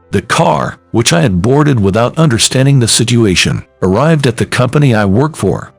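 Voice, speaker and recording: A man narrating a scripted first-person story with soft music behind. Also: mid-range voice, creaky, no room sound.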